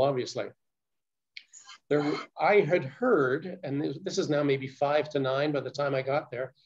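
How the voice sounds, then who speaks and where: An older man from Canada recounts his story to an audience, pacing it carefully and filling it with detail. His voice sits a touch higher than most men's. The recording is dull and lo-fi. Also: a little mellow. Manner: measured, detailed storytelling with frequent restarts. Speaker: speaker telling a survivor's account. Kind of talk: first-person recounting to an audience.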